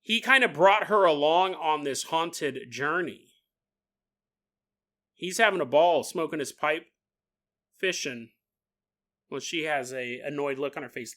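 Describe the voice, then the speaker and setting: Male podcast host, comedic monologue, lively swooping pitch, bright tone, laughs a lot. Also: moderate pace. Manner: animated, laughs often, acts out voices.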